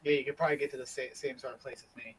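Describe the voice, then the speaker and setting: A man's voice: medium pitch, fairly even intonation, rapid-fire, a bit bright, slightly rough, poor audio. A man playing a tabletop game, hesitant and hedging, often restarting his sentences. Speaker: player. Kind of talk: casual tabletop game chat.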